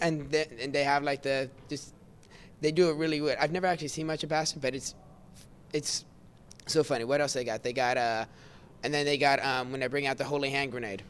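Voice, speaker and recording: A man on a convention panel, chatting casually with a voice worn from days of yelling, acting out film quotes with animation. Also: medium pitch, steady tone, fairly quick, clear, resonant tone. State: strained voice from yelling.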